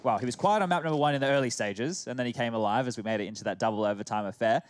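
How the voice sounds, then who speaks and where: A man's voice: mid-range voice, racing, slight background noise. Conversational male esports analyst. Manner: stat-heavy, conversational. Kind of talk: colour commentary.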